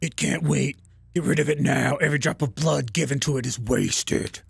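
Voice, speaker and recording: A man reading the lines of a cryptic talking bird in a lower, grave, admonishing voice while playing a game. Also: normal speed, creaky, slightly rough, no echo, exaggerated voice. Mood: stern warning.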